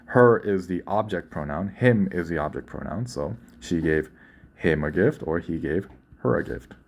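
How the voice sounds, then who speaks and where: A man's voice: low-pitched, expressive, moderate pace. A man teaching a beginner Korean lesson in English, explaining sentence order in a loose, conversational way and often checking in with "right?".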